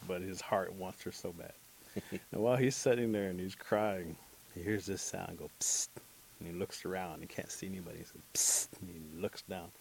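Male storyteller for a folk tale: low, gravelly, easygoing. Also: brisk, slight background noise, low-quality recording. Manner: relaxed, chuckling, acts out characters.

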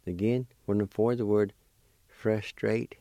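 A man teaching a language lesson, spelling and pronouncing words slowly and patiently, letter by letter. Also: fairly low pitch, steady tone, vocal fry, mellow, dry recording. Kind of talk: slow spelling and pronunciation lesson.

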